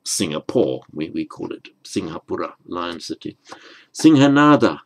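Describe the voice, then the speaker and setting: A man teaching a slow, patient grammar lesson, spelling out words and rules. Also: low voice, fairly even intonation, creaky, slightly rough, rough recording. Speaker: Sanskrit teacher.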